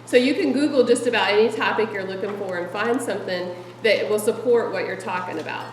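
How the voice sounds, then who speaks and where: A middle-aged woman presenting meeting ideas to fellow directors, chatty and animated and laughing often. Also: mid-range voice, a little fast, slight background noise. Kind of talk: casual presentation to a group. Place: meeting room with an audience. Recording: echoey room from a distant mic, audience audible.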